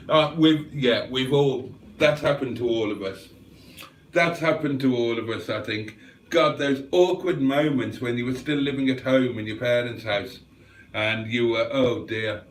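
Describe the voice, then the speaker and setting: Man, livestream host, slow unhurried talk, slightly high voice, chuckles a lot, echoey room. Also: lively intonation. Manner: chuckling often, chatty and self-deprecating. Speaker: livestream host reading viewer chat. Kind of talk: casual chat.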